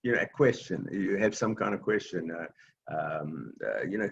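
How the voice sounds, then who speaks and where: A man's voice: sits low, expressive, normal speed, vocal fry, dull audio. A man teaching an online class for seniors, explaining patiently in plain words with many fillers and restarts, over a video call. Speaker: technology class instructor.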